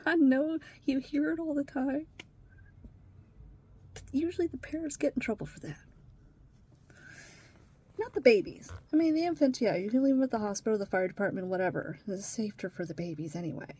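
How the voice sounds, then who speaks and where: A woman talking in a confessional vlog as a stepmother, emotional, swinging between hushed whispers and raised, strained outbursts. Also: high voice, moderate pace, long pauses, husky.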